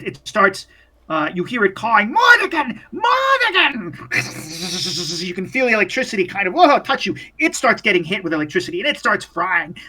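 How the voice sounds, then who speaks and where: A man running a tabletop game as game master, narrating in a halting, rambling way full of restarts. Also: high voice, pushed and bright.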